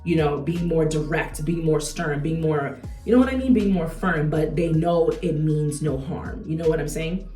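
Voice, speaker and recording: A woman's voice: sits low, moderate pace, roomy sound, far from the mic, faint music behind. A young adult woman talking casually while she does her makeup, chatty and slangy with lots of rhetorical asides. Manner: slangy and animated. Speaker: beauty vlogger.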